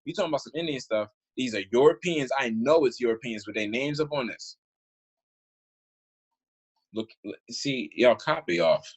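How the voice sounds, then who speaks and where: A man's voice: mid-range voice, moderate pace, long pauses, slightly rough, low-quality recording. Indignant man ranting over old documents. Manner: animated, indignant, rambling with restarts; informal speech with frequent "y'all". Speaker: online commentator. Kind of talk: casual commentary reading documents aloud.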